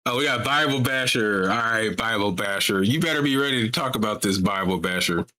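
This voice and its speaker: Animated man hosting a call-in stream. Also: lowish voice, fairly quick. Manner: animated, rhetorical, repeats questions to the audience. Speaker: host of a call-in religion debate stream. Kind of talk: casual livestream talk.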